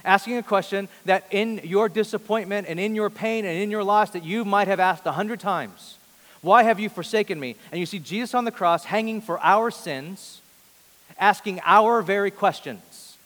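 A man's voice: sits high, normal speed. Earnest man preaching in a reverberant hall. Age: 30s. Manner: earnest, swings between loud emphasis and soft hushed lines. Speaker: pastor. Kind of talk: sermon. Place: large church hall before a big congregation. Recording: long reverb of a large hall.

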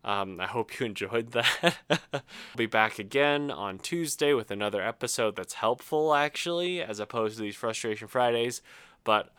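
A man's voice: mid-range voice, lively intonation, normal speed, fairly bright tone, clean tone, dry recording. A man hosting his own show, talking casually and rambling through his small frustrations with self-mocking humor. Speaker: host. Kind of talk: casual solo monologue.

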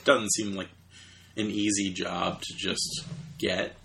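A very low-pitched man with a bright, forceful edge, rambling through a casual movie chat. He hedges constantly with "like" and "uh" and chuckles often. A faint hiss of background noise sits under his voice. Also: flat delivery, takes it slowly, creaky. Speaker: podcast co-host.

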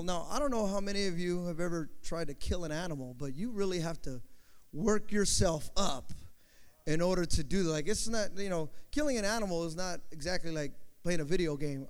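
A man preaching a sermon, telling an animated story with lots of fillers. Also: sits high, moderate pace. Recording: long hall reverb.

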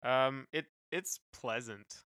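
Young male co-host, casual and hesitant, crisp voice, dry sound. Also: medium pitch, slow pace, sharp tone, dry recording. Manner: hesitant, many fillers and restarts. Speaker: podcast co-host. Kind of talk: casual chat reviewing music.

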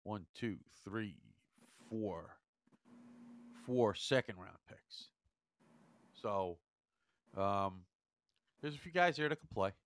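A man co-hosting a hockey talk show, measured and dry, counting points out carefully. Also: fairly low pitch, animated. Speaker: hockey analyst, co-host. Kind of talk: casual hockey chat.

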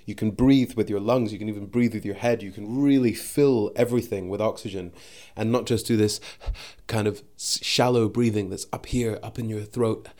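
A man's voice: fairly low pitch, steady tone, normal speed, darkish tone. A man hosting a solo podcast, talking thoughtfully into a microphone and often restarting his sentences as he searches for words. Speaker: podcast host. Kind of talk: reflective solo podcast monologue.

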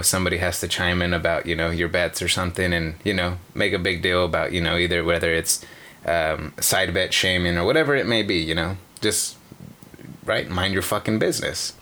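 A man's voice: sits low, fairly even intonation, a little fast, bright, forceful tone. A man telling casino stories in a casual, rambling way, swearing often and filling gaps with "you know". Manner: profane, rambling, many fillers. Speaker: caller sharing casino stories. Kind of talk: casual storytelling.

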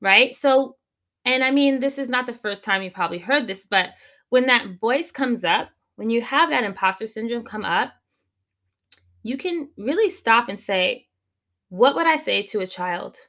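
A woman speaks as a guest on a podcast, giving advice as a coach. Her voice is bright and sharp, and she is animated, slowing down to stress her key points. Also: on the high side. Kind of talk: podcast interview, conversational advice.

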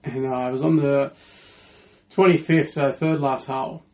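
A man's voice: medium pitch, fairly even intonation, normal speed, darkish tone. An Australian man telling golf stories in a casual chat, laughing often as he talks. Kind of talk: casual storytelling.

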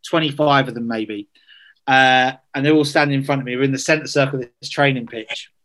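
A man's voice: medium pitch, fairly even intonation, brisk, a bit bright. A man, telling a story in casual chat, self-deprecating, full of fillers and restarts.

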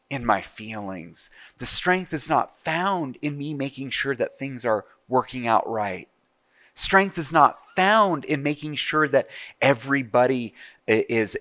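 A man's voice: medium pitch, sharp tone, no echo. Guy preaching, asks lots of questions, dry dull sound. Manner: conversational preaching with rhetorical questions. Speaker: pastor. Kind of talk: sermon.

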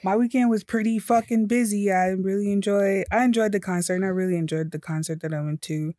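A woman in her thirties co-hosting a podcast, telling stories in a lively, profane, laugh-filled way. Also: medium pitch, fast talker, no room sound. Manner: animated, profane storytelling with frequent laughter. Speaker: podcast co-host. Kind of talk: casual chat.

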